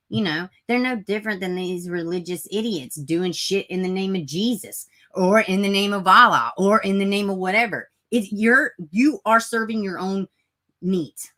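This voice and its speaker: A true crime channel host rants bluntly and profanely on a livestream, mocking people in sarcastic put-on voices. Her voice is mid-range and fairly bright, with lively intonation and a moderate pace.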